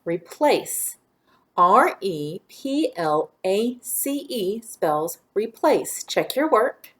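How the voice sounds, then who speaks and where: Slow, clear woman teaching phonics. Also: mid-range voice, big pitch swings. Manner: slow, clear, drawn-out words; encouraging, directive. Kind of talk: phonics lesson to children.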